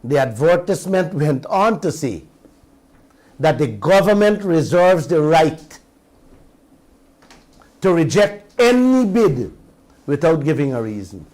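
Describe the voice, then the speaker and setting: A man's voice: fairly high pitch, sing-song, measured pace, darkish tone. A Guyanese man hosting a radio talk show, giving an impassioned commentary full of rhetorical questions to his listeners and slipping between standard English and creole.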